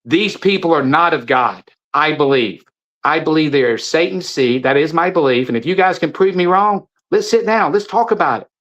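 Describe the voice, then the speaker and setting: On a rough recording, a middle-aged male guest who sells supplements preaches with passion, circling back over the same phrases and stumbling into fresh starts. His pitch sits on the high side, his tone fairly bright, and he talks at a normal speed.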